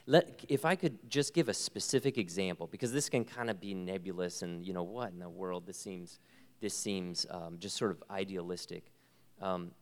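A man speaking as a guest, telling an emotional story in an earnest, halting way that often drops to a hushed whisper. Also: deep voice, in a large hall. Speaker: guest speaker, ministry worker.

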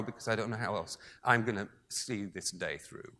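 A man preaching a sermon, moving between raised emphasis and hushed, almost whispered passages. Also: mid-range voice, lively intonation, moderate pace, few pauses.

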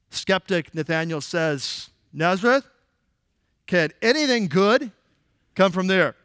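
A man's voice: high-pitched, fairly bright tone, no room sound, clean studio sound. Casual, joking male pastor. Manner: conversational, jokey, acts out quoted lines. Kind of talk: casual sermon.

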